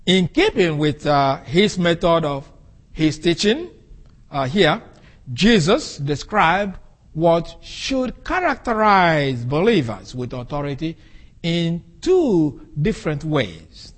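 A man preaches from the pulpit in a measured, unhurried way, leaning hard on single words to drive his point home. His voice sits high and swoops widely up and down as he explains the text. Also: big pitch swings. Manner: deliberate, emphatic, stresses key words. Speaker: pastor. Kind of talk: expository sermon.

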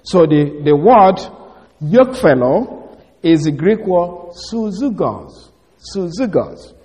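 A man with a high voice teaches from scripture in a deliberate, explanatory way, and he stops to spell out Greek words letter by letter. His voice carries a long reverb, as if he is speaking in a large hall. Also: big pitch swings, a little mellow. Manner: slow, emphatic reading of scripture. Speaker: Bible teacher. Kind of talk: expository Bible teaching.

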